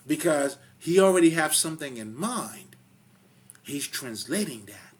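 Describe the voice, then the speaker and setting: A man giving a casual spiritual talk, rambling and profane, full of fillers and loud laughs between points. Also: fairly high pitch, lively intonation, measured pace, husky. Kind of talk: casual spoken monologue.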